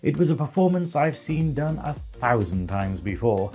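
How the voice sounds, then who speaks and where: A man's voice: mid-range voice, big pitch swings, normal speed, loud music behind the voice. A man with a northern English accent giving a chatty, wry scripted recap of a drag competition. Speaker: show reviewer. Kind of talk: scripted narration.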